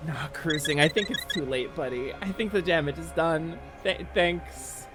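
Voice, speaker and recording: A woman streaming a video game, chatting casually and animatedly, swinging into loud mock outrage and laughter. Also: low voice, moderate pace, music in the background. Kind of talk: casual live-stream chat while gaming.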